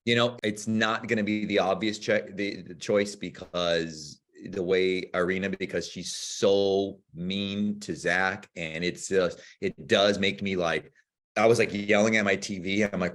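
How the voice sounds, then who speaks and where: Excitable lower-voiced man, casual chat. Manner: excitable, rapid bursts, swears, acts out yelling. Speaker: podcast co-host.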